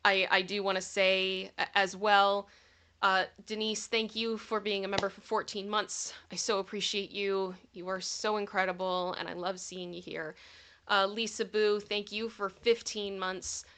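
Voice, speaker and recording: A woman hosting a casual livestream, chatting warmly with viewers and thanking them by name, sometimes giggly. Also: medium pitch, level tone, unhurried. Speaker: livestream host.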